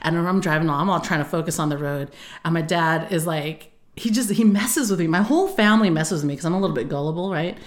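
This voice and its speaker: Casting: woman podcast co-host, lively storyteller, laughs often, squeaky quoted voices. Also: quick pace. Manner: animated, laughing, acts out quotes in high squeals. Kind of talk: casual storytelling chat.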